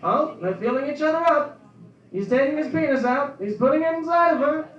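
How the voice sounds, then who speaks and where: A man putting on a frantic, fast-talking male horse race announcer voice in an echoey room. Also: extremely high pitch, expressive, voice pushed up. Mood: excited. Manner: rapid rising announcer patter. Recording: echoey club room, distant dull mic.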